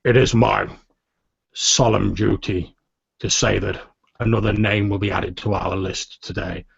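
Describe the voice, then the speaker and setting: A man's voice: fairly low pitch, level tone, measured pace, vocal fry, husky, no room sound, full character voice. A man voicing a male rebel commander who gives a formal, rousing speech. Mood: solemn rousing. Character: solemn male rebel commander giving a eulogy. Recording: dull, dry lo-fi audio.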